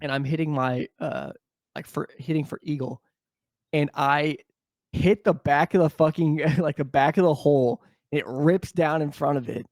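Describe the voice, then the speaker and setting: A man with a fairly high voice co-hosts a podcast at a moderate pace, chatting casually and telling animated stories with lots of swearing while acting out the people in them. There's no room sound.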